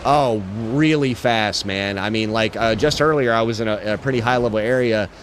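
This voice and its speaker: Chatting while he plays, a relaxed livestreamer swears freely and keeps saying "bro" and "dude." His voice sits on the low side at a normal speed, with a faint noisy background behind it.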